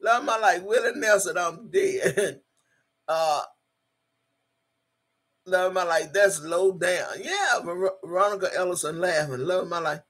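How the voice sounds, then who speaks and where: Woman livestream host, husky and tense-edged, brash and profane, reads chat and laughs a lot. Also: fairly low pitch, unhurried, long pauses. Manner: loud, profane and boastful, laughs often.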